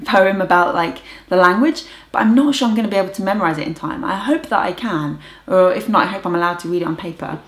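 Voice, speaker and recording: A young woman talks through her language learning in a chatty, enthusiastic way and tries out foreign words as she goes. Her voice sits at a middle pitch. The room gives it a noticeable echo. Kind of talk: casual vlog talk. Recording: roomy echo.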